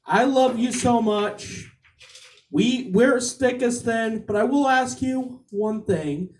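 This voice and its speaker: A man voicing a weary husband of thirty years, in a low, tired, deadpan tone. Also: slow, recorded from a distance, slight background noise.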